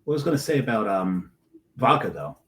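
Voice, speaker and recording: Deep-voiced man telling a story. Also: big pitch swings, brisk, fairly bright tone, slight background noise. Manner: storytelling, laughs often. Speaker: co-host. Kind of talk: casual podcast chat.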